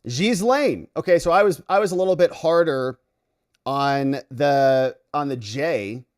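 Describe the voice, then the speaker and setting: A man's voice: medium pitch, a little slow, clear, resonant tone. A man hosting a casual livestream, reading out viewer comments and reacting to them. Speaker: livestream host.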